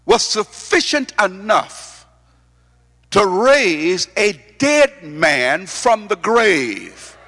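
High-pitched preacher guy, punchy repeating sermon style, echoey hall. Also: pushed and bright. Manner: emphatic, repeats words, asks the congregation questions. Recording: long hall reverb.

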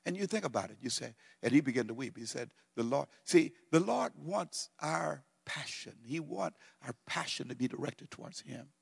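A middle-aged man preaches a sermon with a gravelly, fry-edged voice. He climbs to loud, excited near-shouting and then sinks low and quiet. The sound carries the long reverb of a church hall. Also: moderate pace, hardly any pauses. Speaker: pastor.

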